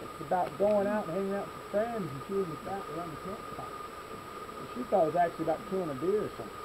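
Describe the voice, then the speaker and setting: A man telling folksy tall tales to a scout troop, with deadpan exaggeration and asides to his listeners, recorded outdoors in a meadow. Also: high-pitched, fast talker. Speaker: campfire storyteller for a scout troop. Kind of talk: folksy tall-tale storytelling. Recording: outdoor recording with loud insects and traffic.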